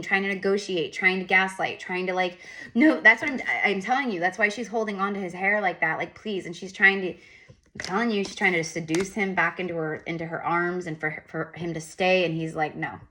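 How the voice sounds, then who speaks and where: Bright lady doing a tarot reading, rambly, says things twice. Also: mid-range voice. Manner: rambling, repetitive, animated asides. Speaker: tarot reader. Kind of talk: casual spoken tarot reading.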